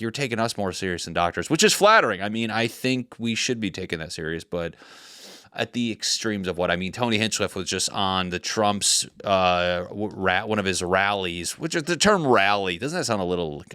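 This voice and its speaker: A man's voice: lowish voice, pushed and bright, smooth, dry recording, clean studio sound. A man in his thirties hosting a comedy podcast, ranting in a rambling, heated way with many restarts. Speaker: podcast host.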